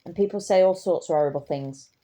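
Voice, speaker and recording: A woman's voice: on the low side, fast, dark tone. A woman telling a story in a casual, impassioned way, indignant and rambling with restarts.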